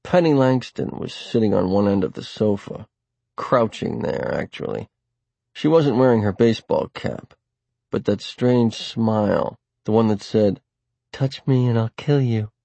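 A man reading a first-person novel aloud in a wry, dry, deliberate way. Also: on the low side, lively intonation, gravelly, warm tone, no room sound. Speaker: audiobook narrator. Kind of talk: first-person audiobook narration.

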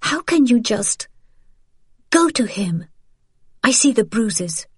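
A woman voicing a bitter, grieving girl of almost fourteen who speaks in a sharp, accusing, cynical way. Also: on the high side, sing-song, takes it slowly, slightly rough, no room sound, studio quality, pitched above the performer's own voice, heavily acted.

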